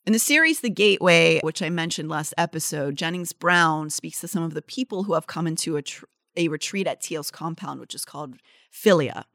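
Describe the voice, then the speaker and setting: A woman co-hosting a casual true-crime podcast, indignant and swearing freely, swinging from quiet mutters to loud outbursts. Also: deep voice, fairly quick, no room sound, clean studio sound. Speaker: podcast co-host.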